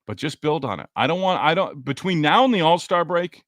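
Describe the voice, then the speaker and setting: In a dry, studio-quality recording, a man with a fairly high pitch and a brisk, lively delivery hosts a casual post-game sports podcast. His tone is fairly bright as he reads the live chat, chatting and greeting listeners by name.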